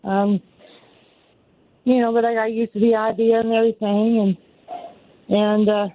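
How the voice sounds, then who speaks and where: A woman's voice: on the high side, little pitch movement, a little slow, slight background noise. A woman in her sixties with a Southern accent, calling in to a radio show and telling her story in an earnest, rambling way, often repeating herself. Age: 60s. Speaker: caller. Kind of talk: call-in radio talk. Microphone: telephone. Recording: tinny phone line.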